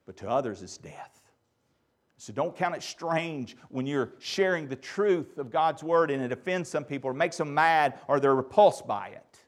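A middle-aged man preaching a sermon as pastor, his voice rising to loud peaks and dropping to near-whispers. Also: a little high, normal speed, few pauses.

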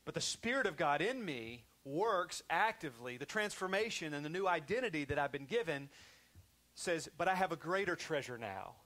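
A male pastor preaching a sermon in a conversational way, repeating himself often and swinging between loud emphasis and hushed, quiet stretches. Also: on the high side, lively intonation, normal speed.

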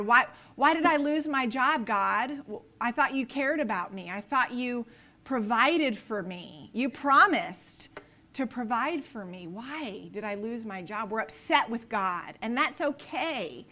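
A woman in her thirties leads an earnest, casual devotional lesson on scripture. Her voice sits somewhat high and sounds bright and crisp. She often slips into the voices of people praying as she explains. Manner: earnest, acts out prayers in quoted voices. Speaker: Bible study teacher.

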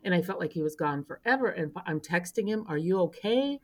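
A woman's voice: lowish voice, fairly quick. A woman in her sixties who spent decades in local government, telling a story as a podcast guest, acting out quotes and growing emotional. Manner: animated storyteller, acts out quotes, turns emotional. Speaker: interview guest, longtime local government official. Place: indoor podcast recording.

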